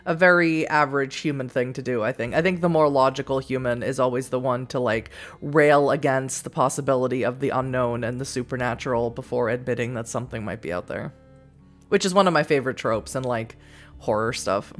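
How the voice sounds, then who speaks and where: Low-voiced woman streaming a text game, bubbly and excited, reads story bits aloud. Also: fairly quick, faint music behind. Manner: bubbly and excitable, reads narration with gentle emphasis. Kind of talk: casual let's-play chat and reading aloud.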